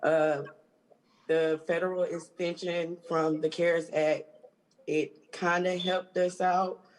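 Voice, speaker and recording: A woman from Georgia, a union stage hand, speaking haltingly and emotionally on a video call. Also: on the low side, little pitch movement, slight background noise, rough recording. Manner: halting, emotional, with many restarts.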